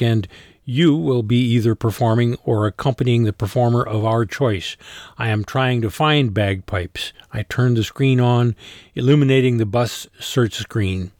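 Gravelly male audiobook narrator. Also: medium pitch, darkish tone, no echo, studio quality. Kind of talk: first-person audiobook narration.

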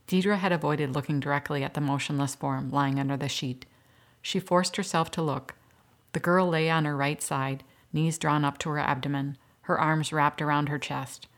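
Female audiobook narrator, low and even, scripted read.

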